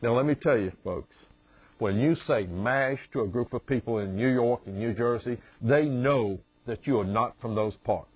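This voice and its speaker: Slow-drawling Southern man, husky voice. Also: mid-range voice, no room sound, muffled recording. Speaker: humorist and motivational speaker. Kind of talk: promotional self-introduction with anecdotes.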